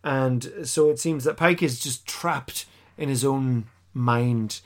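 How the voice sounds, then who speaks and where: A man casually recapping a TV episode on a podcast, animated and quick to act out the characters' lines. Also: medium pitch. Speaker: podcast co-host.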